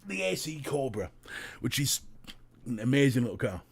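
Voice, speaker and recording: A man's voice: mid-range voice, sing-song, normal speed, vocal fry, slightly rough. A British man hosting a casual livestream, chatting to viewers and reading their comments, jokey and talking straight to the chat. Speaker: livestream host.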